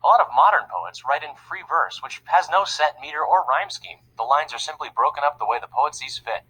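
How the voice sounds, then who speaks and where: A man's voice: a little high, expressive, fairly quick, bright, forceful tone, a little hiss or hum, low-quality recording. A man voicing a friendly young male narrator of an educational cartoon, upbeat and chatty as he explains things plainly.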